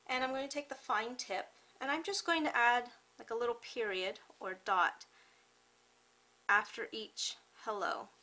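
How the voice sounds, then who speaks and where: A woman hosting a card-making tutorial, talking through each step in a chatty, unhurried way with small fillers and self-corrections. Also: fairly high pitch, sharp tone, rough recording. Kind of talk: step-by-step craft tutorial narration.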